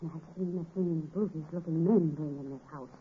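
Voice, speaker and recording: A woman's voice: low-pitched, brisk, natural voice. A woman playing a fretful, complaining housekeeper in a 1930s radio drama. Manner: anxious, complaining. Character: Madam Morris, fretful middle-aged housekeeper. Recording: tinny old radio recording with hiss.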